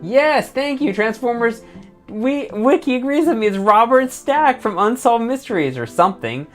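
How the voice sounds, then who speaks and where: A woman streaming a game, rambling excitedly, laughing often and reading dialogue aloud. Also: a little high, normal speed, faint music behind. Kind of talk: casual let's-play commentary and dialogue reading.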